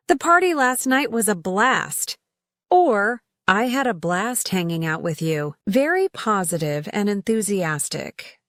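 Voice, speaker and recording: A woman's voice: medium pitch, dry recording, clean studio sound. A woman narrating a scripted lesson on English slang, lifting her voice for each example phrase. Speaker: English teacher.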